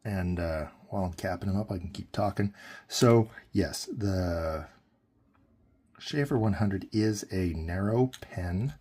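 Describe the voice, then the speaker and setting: Low husky man reviewing a pen. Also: slow. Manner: relaxed, rambling with fillers and self-corrections. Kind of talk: casual product review.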